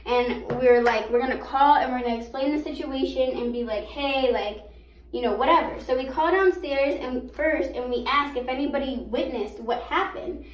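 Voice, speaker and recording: A young woman with a high voice tells a story to camera, animated and chatty, packing her talk with fillers and slang. The room around her sounds echoey and hard. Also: moderate pace. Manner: animated, fillers like "like" and "bro", swearing. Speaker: vlogger. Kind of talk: storytime vlog.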